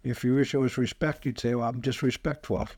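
A man, a spiritual healer, speaking as a podcast guest and telling lively anecdotes, acting out the quoted voices. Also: mid-range voice, fairly quick, husky, no echo. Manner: animated anecdotes, acts out quoted voices, chuckles often. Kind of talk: casual storytelling interview.

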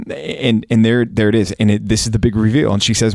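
Low-voiced man retelling scripture casually. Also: fairly quick, creaky, few pauses, no echo, studio quality. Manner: relaxed, storytelling retelling with fillers. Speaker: podcast co-host. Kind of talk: casual Bible study chat.

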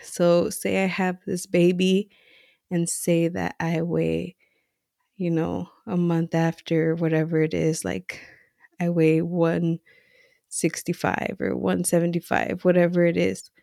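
A woman hosting a casual self-coaching podcast from home late at night, talking softly and a little out of breath, chatty and relaxed with lots of "like" and "right". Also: lowish voice, takes it slowly, vocal fry, no echo, studio quality. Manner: chatty, conversational, laughs often, says "like" and "right"; speaking softly to keep quiet. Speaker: podcast host.

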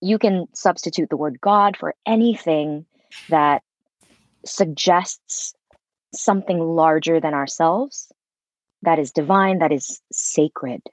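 A woman's voice: low voice, slow pace, no room sound, low-quality recording. A woman voice coach speaking earnestly and reflectively in an interview, with a spiritual bent. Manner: earnest, spiritual, expressive, laughs fully. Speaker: voice coach, guest.

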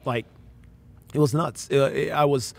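A man's voice: medium pitch, fairly even intonation, unhurried, vocal fry. A man, a pastor, telling a personal story in casual conversation, acting out quoted voices and using slang.

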